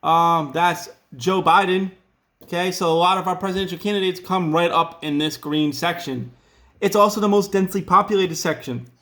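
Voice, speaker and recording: A man's voice: sits high, moderate pace, sharp tone. A man with a Rhode Island accent teaching a casual classroom lesson, chatty and full of joking asides.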